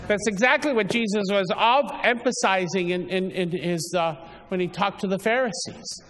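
A man with a fairly high voice gives a casual, chatty homily, coaxing listeners and tripping over small restarts. His words ring out with the long reverb of a church interior. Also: normal speed, fairly bright tone. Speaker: preacher.

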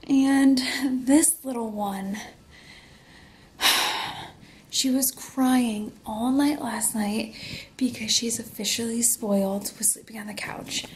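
A young woman vlogging at home in casual chat, out of breath and talking in a breathy half-whisper. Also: a little high, steady tone, slow pace, long pauses, a little mellow, slight background noise. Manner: rambling, chatty.

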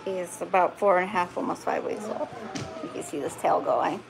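A woman's voice: lowish voice, fairly quick, gravelly, very noisy. A giggly woman cooing over a puppy. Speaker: husky breeder. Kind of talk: casual vlog chat while handling puppies. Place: home, indoors by a couch.

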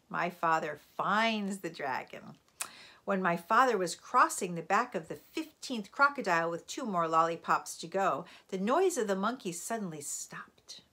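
A woman reads a children's chapter book aloud as an expressive storyteller. Her voice is bright and clear, and it moves lively up and down to carry the tale. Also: mid-range voice. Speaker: library read-aloud reader.

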